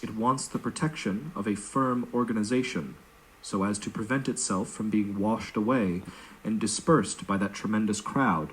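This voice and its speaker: A man with a low voice reads in steady, formal scripted narration. The recording is played back and carries a faint hiss underneath. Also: low-quality recording. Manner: measured, formal reading. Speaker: narrator of a read-aloud philosophical text.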